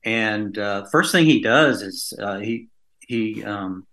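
A man's voice: lowish voice, expressive, takes it slowly, a bit bright. A man, a podcast guest, telling a long story in a casual, rambling way, full of fillers and restarts.

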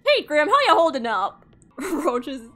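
Woman, casual gaming commentary, high voice, bright sharp tone, excitable, swears a lot, laughs often. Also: unhurried. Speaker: gaming YouTuber.

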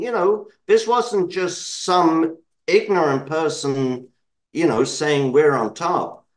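A man's voice: a little high, rough recording. A British man answering interview questions in a digressive way, correcting himself and adding apologetic asides. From Britain. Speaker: interview guest, market commentator.

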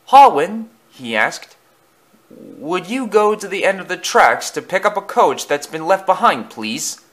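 A man's voice: high-pitched, big pitch swings, unhurried, a bit bright, voice pushed up, exaggerated voice. A man voicing a courteous adult male station master. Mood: polite.

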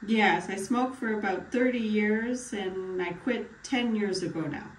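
A woman's voice: medium pitch, measured pace, a little hiss or hum, lightly acted. A woman playing a tired retired patient, echoey. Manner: short plain answers. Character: retired older male patient with a bad cough. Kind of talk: mock doctor-patient role-play. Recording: echoey room, far from mic, faint ambience.

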